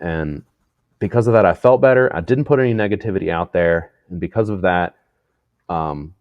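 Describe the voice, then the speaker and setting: Low-voiced man chatting on a podcast. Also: dry recording, highs cut off. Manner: swears freely, laughs often, animated storytelling. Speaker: podcast co-host. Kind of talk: casual chat.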